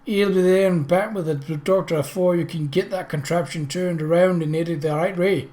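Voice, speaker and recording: A man voicing a gruff older male stable groom with rustic country speech. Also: high-pitched, steady tone, moderate pace, mellow, lightly acted. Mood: urgent.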